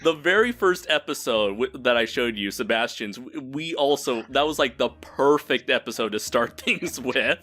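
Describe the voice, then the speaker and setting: A man's voice: medium pitch, lively intonation, moderate pace, hardly any pauses, fairly bright tone. A man hosting a podcast in casual chat, laughing often and swearing freely. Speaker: podcast host.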